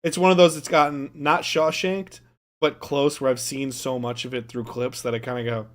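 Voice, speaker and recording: A man from Wisconsin co-hosting a movie podcast in casual chat, animated, swearing and laughing at his own jokes. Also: mid-range voice, normal speed. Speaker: podcast co-host.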